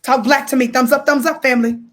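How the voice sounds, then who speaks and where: A woman's voice: sits high, fairly even intonation, fast talker, a bit bright. A woman hosting a livestream, reading passages from a book and stressing key points for her viewers. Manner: emphatic, addresses viewers directly, repeats key quotes. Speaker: livestream host. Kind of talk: live commentary reading from a book.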